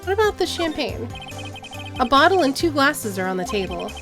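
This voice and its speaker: A woman's voice: high-pitched, very animated, moderate pace, music in the background. A woman voicing a young male defense lawyer, earnest and easily flustered, stumbling over his words.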